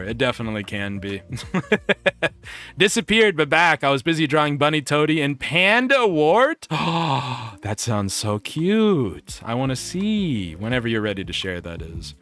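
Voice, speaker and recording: A man streamer telling a story casually and reading chat, animated and laughing often. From United States. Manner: animated, laughs often, jumps up in pitch for quoted bits.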